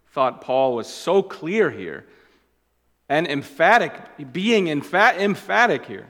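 A man preaching a sermon as pastor. He stresses and repeats key phrases, and his voice swings between loud and quiet. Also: on the high side, long reverb tail.

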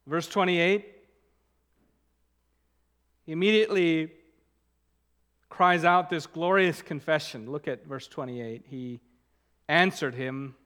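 A man preaching a sermon as a pastor, earnest, slowing down to stress key words. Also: on the high side, fairly bright tone.

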